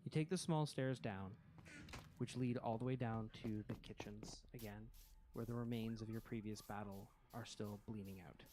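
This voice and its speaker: A man running a tabletop game as game master, narrating in a slow, halting way with many pauses. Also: on the low side, steady tone. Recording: loud background noise.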